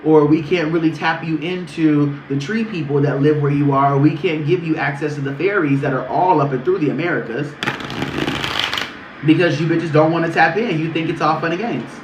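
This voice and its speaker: A man doing a casual spiritual reading on a livestream, talking in a sassy, profane, animated way. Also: fairly high pitch, brisk, background noise. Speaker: spiritual reader. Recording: echoey room.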